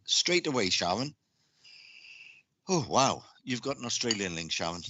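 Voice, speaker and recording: Low, bright-toned halting male psychic. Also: no room sound. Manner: halting, many repeated words and restarts. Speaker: psychic reader. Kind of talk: live-streamed psychic reading.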